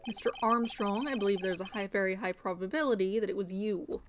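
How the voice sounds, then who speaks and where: A woman's voice: mid-range voice, fairly quick, voice pushed down, natural voice. A woman voicing an earnest young male defense lawyer, reading game lines aloud over game music. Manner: earnest, accusing.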